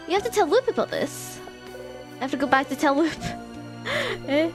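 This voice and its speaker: A woman's voice: sits high, big pitch swings, moderate pace, long pauses, music in the background. A woman streamer reading game text aloud and reacting expressively, exclaiming and laughing between passages.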